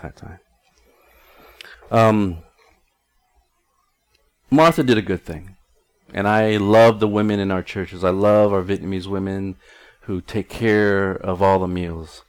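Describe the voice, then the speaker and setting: A man's voice: low voice, steady tone, a little slow, pauses often, clean tone. A middle-aged male pastor preaching a conversational sermon in an earnest tone, often restarting his sentences.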